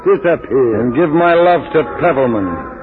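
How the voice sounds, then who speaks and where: A man's voice: mid-range voice, sing-song, normal speed, background noise, close to an everyday voice. A man playing a curt, menacing gang boss. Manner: cold, curt. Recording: tinny, distant 1940s radio recording.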